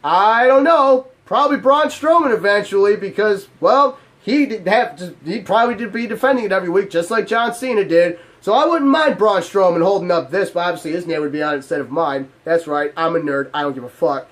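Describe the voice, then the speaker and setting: Man, high pitched voice, angry profane vlog rant, exasperated. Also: fairly quick, few pauses, fairly bright tone. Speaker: channel host. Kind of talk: ranting vlog to camera.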